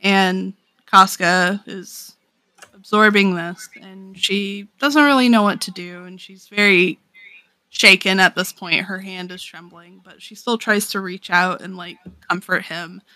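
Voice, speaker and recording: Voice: medium pitch, fairly even intonation, measured pace, sharp tone, no room sound. A young adult podcast co-host casually recapping a story, talking in a chatty, filler-heavy way with frequent laughs.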